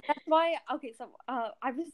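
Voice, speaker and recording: Teen girl podcast host, rambly and giggly, kinda high voice. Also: a little fast. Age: teens. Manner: giggly, rambling, stumbles over words. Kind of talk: casual chat.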